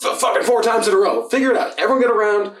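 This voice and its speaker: A man co-hosting a podcast, telling bartending stories in a fast, profane, casual way. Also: high-pitched, steady tone, distant mic. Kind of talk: casual chat. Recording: roomy sound from off-mic.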